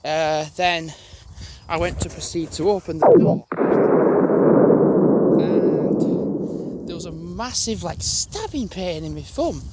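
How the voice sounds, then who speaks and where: A man's voice: a little high, lively intonation, slow pace, pauses often, heavy background noise. Rambling young Englishman telling a story. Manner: rambling, restarts and swears while retelling. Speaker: gaming channel host. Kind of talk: casual storytelling to camera.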